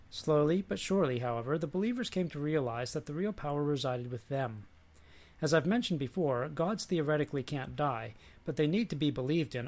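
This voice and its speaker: A man lecturing and reading a book passage aloud in a measured, dry way. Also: a little high.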